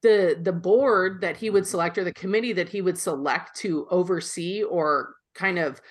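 A woman co-hosting a podcast, talking politics in a blunt, profane, opinionated way. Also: fairly low pitch. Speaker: podcast co-host. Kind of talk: casual political chat.

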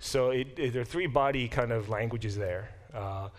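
A man teaching a Bible class as a professor, talking in an animated, self-deprecating way in a classroom, often restarting and adding asides. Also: mid-range voice, moderate pace. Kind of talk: classroom lecture.

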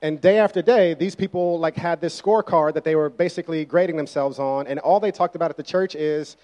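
A man's voice: fairly high pitch, a little fast, few pauses, a little mellow. A young adult man preaching a sermon as pastor, speaking in a conversational and emphatic way.

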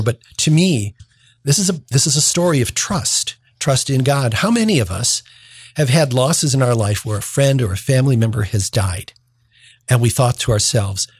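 Earnest preacher with a husky voice. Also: male voice, mid-range voice, dry recording. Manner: earnest, with frequent restarts. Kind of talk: gospel reading and homily.

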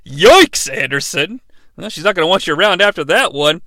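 A man's voice: a little high, lively intonation, moderate pace, pushed and bright. A man hosting a podcast, recapping an episode with sarcastic, profane asides. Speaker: podcast host.

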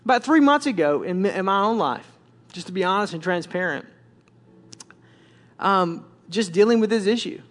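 A man's voice: sits high, expressive, normal speed, long pauses, fairly bright tone. A male pastor preaching a candid, conversational sermon with frequent restarts.

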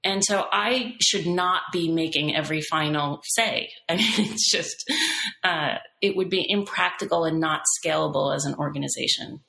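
Woman CEO guest, middle-aged, gravelly low voice, echoey room. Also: normal speed. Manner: animated, frequent restarts, laughs between points. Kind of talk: business podcast interview.

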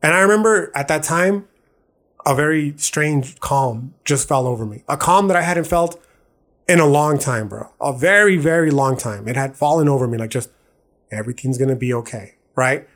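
A man's voice: a little high, animated, moderate pace, a bit bright. A man, hosting a podcast and telling a personal story in casual, confessional talk full of slang and restarts. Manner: casual slangy talk, says "dog" and "bro" often; earnest, confessional, with many restarts. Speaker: podcast host.

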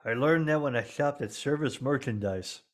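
A man's voice: medium pitch, normal speed. A man riffing on a movie with friends in crude, jokey banter, laughing often. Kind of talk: casual riffing movie commentary.

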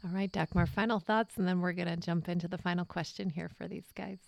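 A woman hosting a podcast interview, briskly steering toward the final question. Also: on the low side, steady tone, gravelly. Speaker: podcast host.

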